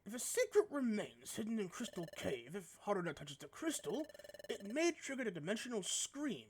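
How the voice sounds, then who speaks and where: A woman doing a deep British ghost creature. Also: sing-song, a little mellow, a little hiss or hum, lightly acted. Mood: grave. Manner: slow, solemn explaining. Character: deep-voiced male ghost creature, grave and formal.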